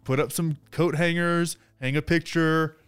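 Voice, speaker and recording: A man's voice: steady tone, unhurried, smooth. Dry, self-deprecating man co-host. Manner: dry, self-deprecating, mumbling low asides. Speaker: podcast co-host. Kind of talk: casual chat.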